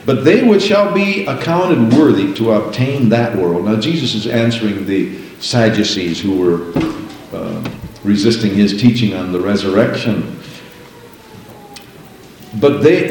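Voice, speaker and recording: Older preacher in a booming echoey church. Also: male voice, a little mellow, a little hiss or hum. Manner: preaching with chanted, sung prayer and rising, drawn-out praises. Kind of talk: sermon.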